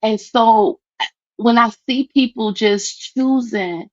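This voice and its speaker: A woman's voice: fairly high pitch, takes it slowly, darkish tone, no echo. A woman speaking emphatically and with plenty of profanity on a livestream chat, tearful as she talks over a video call. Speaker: guest. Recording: dull, dry call audio.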